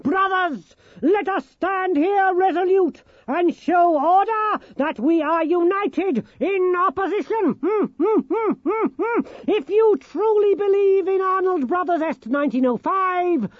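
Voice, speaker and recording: A shrill fanatic gnome preacher, slow booming proclamations, dull lo-fi tape. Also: male voice, no room sound. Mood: ranting. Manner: high, slow, declaiming shouts. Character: pompous male gnome leader, fanatical preacher.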